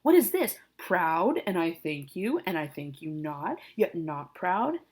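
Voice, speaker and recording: A blustering older nobleman berates his daughter, loud and scolding, spitting out insults, as a woman reads his part aloud. The voice climbs higher and louder than a plain speaking tone as the anger builds. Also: sing-song, unhurried, breathy edge, heavily acted. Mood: furious. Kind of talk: dramatic reading of a play.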